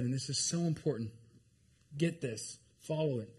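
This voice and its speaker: Emphatic male preacher, mid-pitched. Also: moderate pace, slightly rough. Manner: emphatic preaching, repeats lines and asks the congregation if they are hearing him; strong swings between loud and hushed. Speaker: pastor. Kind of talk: sermon.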